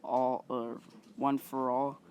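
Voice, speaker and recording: Guy hosting his channel, makin up a story slow, lots of ums and cussing, mid-pitched voice. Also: level tone, muffled recording, a little hiss or hum. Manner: halting and rambling, many fillers and mild swearing. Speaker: YouTube channel host. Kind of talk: casual improvised storytelling.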